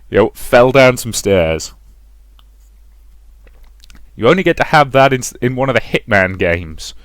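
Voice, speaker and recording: A man hosting a let's play, reading a visual novel aloud with brisk narration and chatty asides. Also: mid-range voice, animated, a bit bright, dry recording.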